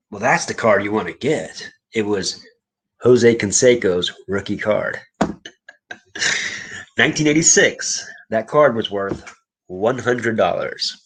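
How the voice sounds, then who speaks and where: A man's voice: on the low side, a bit bright. A man telling a long childhood story in casual chat as a reseller, rambling and laughing often.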